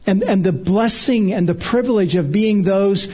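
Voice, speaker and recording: A man preaching an expository sermon, measured and emphatic, repeating phrases and slowing on key words. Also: high voice, dark tone, breathy edge, dull audio. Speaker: pastor.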